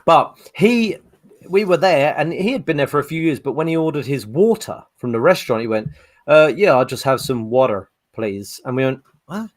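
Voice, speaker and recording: A man's voice: on the high side, expressive, moderate pace. A man telling rambling, laugh-filled anecdotes in a casual podcast chat. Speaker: regular podcast co-host.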